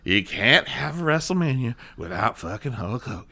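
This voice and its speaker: A man's voice: medium pitch, big pitch swings, normal speed, gravelly, bright, forceful tone. A man co-hosting a podcast in casual chat, swearing freely and ranting with many restarts. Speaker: podcast co-host.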